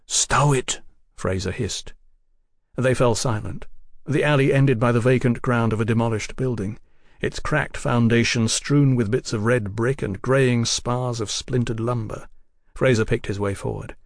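A man narrating an audiobook in an expressive storytelling manner. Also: medium pitch, normal speed, creaky, dry recording, studio quality. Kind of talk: scripted narration.

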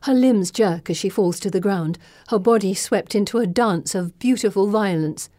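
A woman reading first-person scripted narration in a measured, dramatic way. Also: medium pitch, mellow, dry recording, clean studio sound. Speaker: audiobook narrator.

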